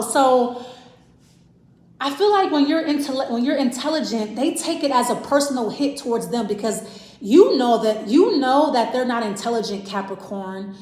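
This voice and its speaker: A woman's voice: a little high, darkish tone. Woman reading tarot in an echoey room. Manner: rambling, thinking aloud with restarts and self-repeats. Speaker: tarot reader. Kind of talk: casual tarot reading to camera.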